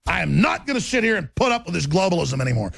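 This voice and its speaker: A man's voice: high-pitched, very animated, fast, creaky, fairly bright tone, slightly rough, no echo. A middle-aged man hosting a talk show, ranting in heated political commentary with intense repetition.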